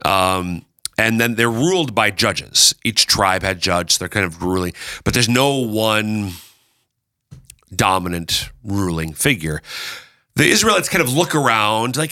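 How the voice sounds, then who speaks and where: A man hosting a casual chat, explaining Bible readings with lively, playful asides. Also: lowish voice, measured pace, no room sound, clean studio sound. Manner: lively, animated, breaks into playful character voices. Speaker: podcast host explaining scripture.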